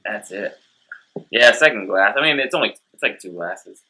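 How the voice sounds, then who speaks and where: Bright-voiced man telling rambling stories. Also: lowish voice, lively intonation, normal speed, breathy edge. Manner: rambling storyteller, acts out quotes. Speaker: co-host of a beer tasting web series. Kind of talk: casual comedic chat.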